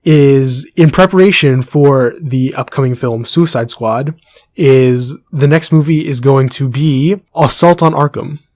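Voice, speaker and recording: A man's voice: mid-range voice, a little slow, darkish tone, dry recording. Dry-sounding young man hosting a podcast. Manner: playful, teasing, runs the segment. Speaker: podcast co-host. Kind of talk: casual podcast chat.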